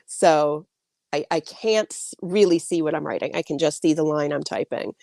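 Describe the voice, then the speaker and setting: Female author guest, lowish voice, dry sound, chatty and rambling on a video call. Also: normal speed, vocal fry, dark tone, no room sound. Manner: chatty, many likes and restarts. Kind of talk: casual interview answers.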